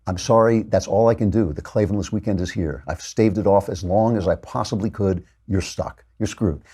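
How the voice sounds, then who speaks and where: A man in his sixties hosts a podcast, delivering a casual monologue that includes scripture reading. His fairly low voice is warm with a breathy edge and a moderate pace, and he chats wryly with frequent fillers and restarts.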